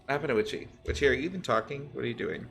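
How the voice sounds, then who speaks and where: A man's voice: mid-range voice, lively intonation, very fast, gravelly, a bit bright, soft background music. Chatty, profane man streaming a game. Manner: chatty, profane, laughs often. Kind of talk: casual gaming chat.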